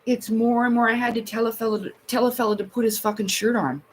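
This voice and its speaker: A woman's voice: fairly high pitch, fairly even intonation, fast talker, slightly rough, rough recording. A woman hosting a casual livestream, chatting while she paints, rambling, swearing and exasperated, upset and close to tears. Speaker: livestream host.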